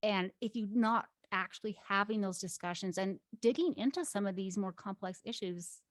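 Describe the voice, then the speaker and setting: Lively agile coach woman, dry sound. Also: mid-range voice, normal speed, no room sound. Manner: lively, laughing, animated asides. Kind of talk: casual conversation.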